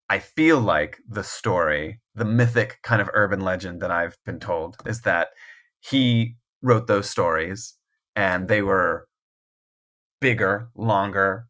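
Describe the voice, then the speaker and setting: A man's voice: low voice, slow pace, fairly bright tone. A man speaking as a guest author in a casual podcast conversation, rambling and self-deprecating, full of restarts and laughing often. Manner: laughs often mid-thought.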